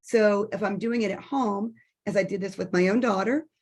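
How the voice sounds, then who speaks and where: A woman's voice: mid-range voice, moderate pace. A woman educator patiently explaining early literacy activities for parents over a video call, often breaking into short sung examples.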